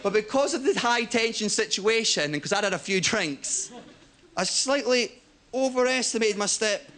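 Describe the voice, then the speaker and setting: A man's voice: high voice, moderate pace. A young Scottish man doing a stand-up set on a TV studio stage, telling stories animatedly with a habit of tagging "right?". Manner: animated storytelling with frequent "right?". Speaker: stand-up comedian. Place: TV studio stage before a live audience. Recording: loud audience laughter and crowd noise.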